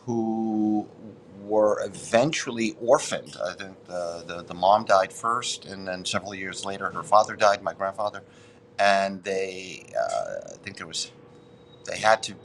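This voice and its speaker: A man's voice: sits low, expressive, unhurried, a bit bright, slight background noise. A man in his sixties, a podcast guest, telling a rambling story with frequent swearing and restarts. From Boston, United States. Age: 60s. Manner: rambling, profane, self-interrupting. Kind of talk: casual storytelling interview.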